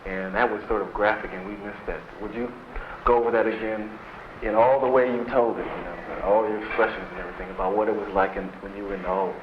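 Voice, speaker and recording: A man interviewing, asking relaxed, hesitant questions, on noisy old tape. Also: fairly low pitch, quick pace, roomy sound, muffled recording.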